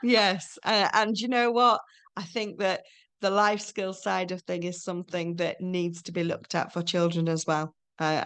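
A middle-aged woman talking as a guest in a casual conversation, chatty and animated, telling stories and acting out what people said. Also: on the low side. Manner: chatty, animated storytelling with acted quotes.

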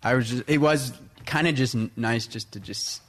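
Homme posé, imitateur en conversation. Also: male voice, medium pitch, moderate pace, fairly bright tone. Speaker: impressionist guest. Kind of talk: casual chat.

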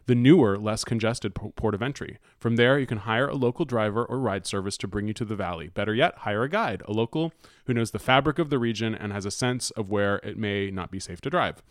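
A man's voice: on the low side, a little fast, no room sound, studio quality. Hesitant man, casual podcast co-host. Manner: hesitant, filler-heavy, reads from an article. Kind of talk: casual chat.

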